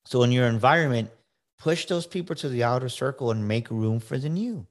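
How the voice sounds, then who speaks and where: This middle-aged man, a coach and podcast guest, gives relaxed but emphatic motivational advice, often repeating words and asking "right?" He has a medium-pitched, expressive voice and a brisk delivery.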